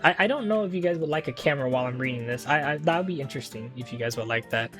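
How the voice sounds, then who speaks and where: A woman's voice: a bass voice, lively intonation, racing, hardly any pauses, fairly bright tone, soft background music. A woman streamer making crude, joking asides while playing a game. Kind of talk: casual game stream commentary.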